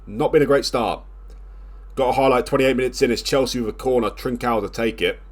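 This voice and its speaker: A man, commentating his football management game as a video host, groaning at mistakes and getting excited when his team scores. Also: medium pitch, fairly quick. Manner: exasperated groans, then rising excitement during the comeback.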